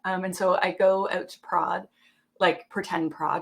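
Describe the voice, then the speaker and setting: A woman on a panel, chatting casually and telling animated stories in which she acts out the dialogue. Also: fairly low pitch, measured pace, creaky, soft background music.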